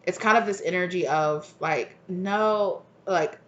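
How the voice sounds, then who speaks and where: Low-voiced woman giving a rambling tarot reading. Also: a little slow. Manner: rambling, chatty, filler-heavy, laughs often. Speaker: tarot reader. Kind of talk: casual intuitive tarot reading. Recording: roomy, slightly dull sound.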